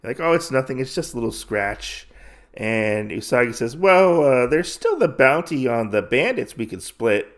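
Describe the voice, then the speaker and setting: Male podcast host, middle pitch, loose filler-heavy storytelling, dips into quick character voices. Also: big pitch swings. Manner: rambling, filler-heavy retelling. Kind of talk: casual comic recap.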